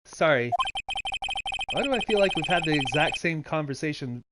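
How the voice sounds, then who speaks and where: Woman doing a low stammering young lawyer. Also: lively intonation, moderate pace, heavy background noise. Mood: sheepish. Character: flustered young male defense lawyer. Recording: loud video game music behind.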